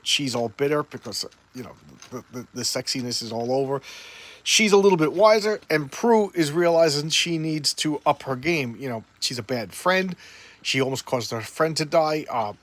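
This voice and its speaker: A man's voice: medium pitch, fairly bright tone. A man casually retelling a comic book story in a loose, rambling way, with many fillers and restarts.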